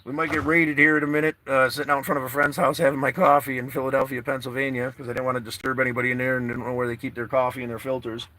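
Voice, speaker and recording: A man's voice: medium pitch, little pitch movement, racing, few pauses, bright, forceful tone. A man vlogging live from his car outdoors, chatting casually and rambling to his viewers. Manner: rambling, laid-back, talks to viewers. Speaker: travel vlogger. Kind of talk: casual live-stream chat.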